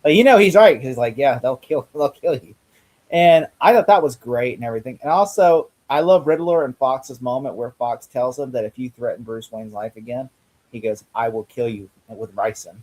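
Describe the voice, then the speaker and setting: A man hosting a casual TV recap chat, acting out characters' lines in quick put-on voices. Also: medium pitch, darkish tone. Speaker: podcast host.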